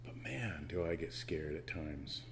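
A middle-aged man preaching a sermon as pastor, conversational with personal asides, swinging between loud emphasis and quiet, intimate moments. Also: extremely low pitch, lively intonation, unhurried, gravelly, noisy background.

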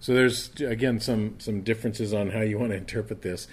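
A man's voice: on the low side, fairly even intonation, fairly quick, breathy edge. A man preaching a conversational sermon, reading scripture aloud and explaining it. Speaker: pastor.

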